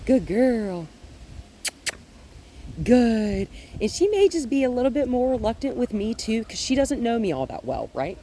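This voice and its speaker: A woman dog trainer walking a dog outdoors, explaining her steps calmly and praising the dog in a high, happy voice. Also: fairly quick, hardly any pauses. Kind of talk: hands-on training demonstration. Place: outdoors in a yard with trees. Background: faint wind.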